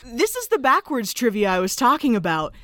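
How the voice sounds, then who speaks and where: A woman co-hosting a movie podcast in casual chat, animated, laughing easily and getting emotional. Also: fairly high pitch, fairly quick, dry recording, clean studio sound. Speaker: podcast co-host.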